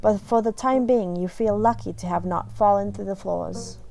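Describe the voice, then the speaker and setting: A woman casually narrating her playthrough of a story game, reading passages aloud and adding offhand comments. Her voice sits in a middle pitch and stays easygoing. Quiet music plays behind her. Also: moderate pace, vocal fry. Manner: relaxed, chatty, reads choices aloud. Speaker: game streamer.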